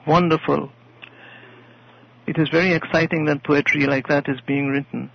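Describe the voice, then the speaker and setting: A man's voice: on the high side, fairly even intonation, normal speed, gravelly. A man speaking as a guest in a radio interview, thoughtful and hesitant, often repeating words as he searches for them. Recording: muffled lo-fi radio audio.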